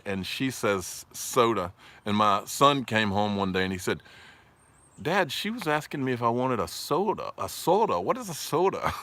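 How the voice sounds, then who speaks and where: Chatty Southern man, bright forceful voice. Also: fairly low pitch. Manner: rambling and jokey, laughs often, reads viewer comments aloud. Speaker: livestream host. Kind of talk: casual livestream chat.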